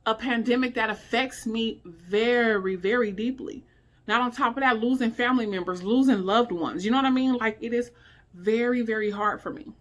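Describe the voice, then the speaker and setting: A woman's voice: fairly high pitch, moderate pace. Weary woman in a heartfelt ramble. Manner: emotional, heartfelt, rambling with many fillers. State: weary and low in spirits. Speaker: vlogger. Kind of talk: candid personal vlog talk. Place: indoors at home.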